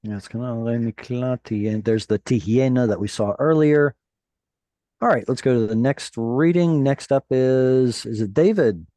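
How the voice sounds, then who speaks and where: A patient man leads an online reading class, praising his students and explaining each point step by step. His voice is mellow and dry, close to the mic, heard over a video call. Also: medium pitch, normal speed, dry recording. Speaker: Hebrew teacher.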